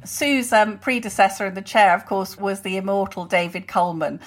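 A woman's voice: medium pitch, normal speed. A woman in her sixties, co-hosting a political podcast and speaking in an indignant, opinionated way. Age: 60s. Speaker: co-host. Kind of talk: casual political podcast chat.

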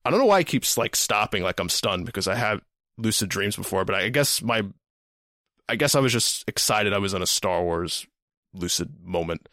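Man, podcast host, low voice, dry close sound, rambling casual storyteller. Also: lively intonation, moderate pace, sharp tone, no room sound. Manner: rambling, repeats words, casual swearing.

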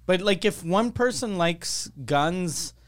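Male podcast co-host, sarcastic ribbing, slightly high pitch. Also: expressive, slow pace. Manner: teasing, sarcastic. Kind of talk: casual chat.

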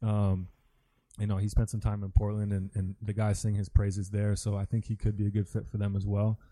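A man's voice: on the low side, completely flat delivery, fairly quick, dark tone. A man, a former basketball player, talking casually and earnestly about basketball on a sports talk show.

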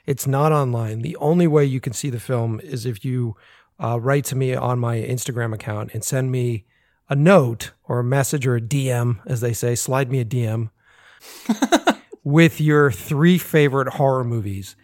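An American man, a filmmaker, chatting casually on a podcast, animated, swearing often and laughing. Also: mid-range voice, moderate pace, no echo, clean studio sound. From United States. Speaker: filmmaker guest.

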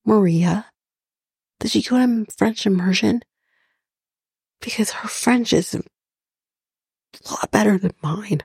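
Woman from Canada, solo podcast host, slow chatty recap, gravelly husky voice, dry sound. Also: mid-range voice, a little mellow, no room sound. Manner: chatty, swears, frequent fillers and asides.

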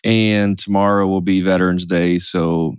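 Deep-voiced man, candid podcast co-host. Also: fairly even intonation, measured pace, clear, resonant tone, no room sound, clean studio sound. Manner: candid, rambling with restarts. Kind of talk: casual chat.

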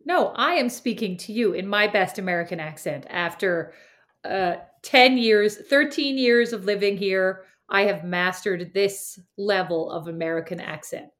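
An Irish woman putting on a deliberately bad American accent, stiff and strained. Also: mid-range voice, fairly bright tone, close to an everyday voice. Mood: mock-earnest. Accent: Irish underneath.

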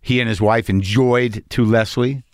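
A man's voice: medium pitch, steady tone, normal speed, smooth, dry recording. Fifties guy doing his podcast intro, rambly and swears a lot, totally dry close mic. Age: 50s. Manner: rambling, profane, self-deprecating. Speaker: podcast host. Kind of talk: casual monologue.

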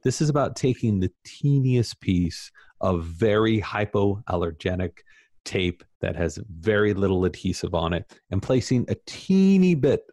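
Low-voiced man, animated and emphatic. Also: measured pace, no echo, studio quality. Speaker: author guest. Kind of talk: casual interview chat.

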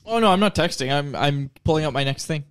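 A man's voice: on the high side, lively intonation, fast talker, clean tone, no room sound, clean studio sound. A man co-hosting a casual sports podcast, teasing and joking with his partner. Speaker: podcast co-host.

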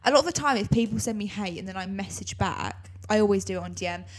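A young woman from England, co-hosting a podcast, telling a story in a chatty, animated way. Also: medium pitch, fast, slightly rough. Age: young adult. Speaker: podcast co-host. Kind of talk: casual chat.

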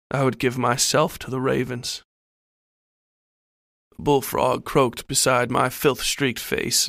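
A man's voice: mid-range voice, vocal fry, a bit bright, dry recording, studio quality. A man reading a first-person horror story in a scripted narration style.

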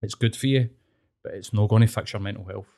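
A man's voice: fairly low pitch, quick pace, dark tone. Blunt, sweary Scottish man. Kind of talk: casual podcast chat.

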